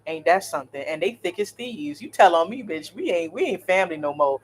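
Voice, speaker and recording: A woman, in her thirties, telling a story in a blunt, animated, cursing vlog style. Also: lowish voice, brisk, few pauses, a little hiss or hum. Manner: blunt, animated, swears freely. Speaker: vlogger.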